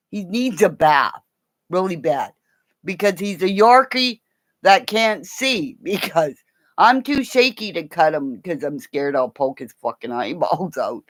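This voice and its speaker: A woman casually chatting to her livestream viewers from home, laughing constantly, swearing freely and teasing them affectionately. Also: on the low side. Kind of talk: casual rambling chat. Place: at home, in bed with her dog.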